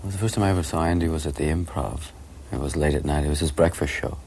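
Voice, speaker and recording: A man reminiscing in an interview, telling stories in an animated way. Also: very deep voice, slight background noise. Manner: animated, fast storytelling.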